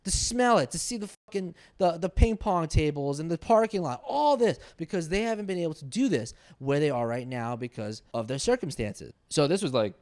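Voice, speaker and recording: A man's voice: a little high, big pitch swings, brisk, few pauses, darkish tone, dry recording, studio quality. A man hosting a casual solo podcast, rambling through his thoughts, swearing often and restarting his sentences. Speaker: podcast host.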